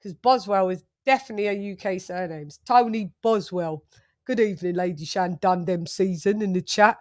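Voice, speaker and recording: A young woman from the United Kingdom chats easily on her own boxing livestream, reading out viewers' comments, shouting them out and laughing along. Her relaxed, conversational voice sits at a middle pitch for a woman, at a moderate pace.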